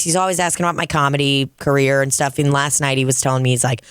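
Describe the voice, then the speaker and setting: A woman comedian co-hosting a podcast, telling stories in a casual, profane, animated way. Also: low voice, a little fast, clean tone, no echo, clean studio sound. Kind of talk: casual podcast chat and storytelling. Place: dining room.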